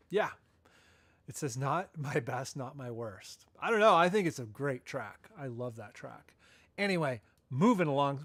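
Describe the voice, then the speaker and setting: A man's voice: mid-range voice, dry recording. A man hosting a casual live podcast, chatting loosely with lots of fillers and self-corrections. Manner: laughs at his own asides. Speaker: podcast host.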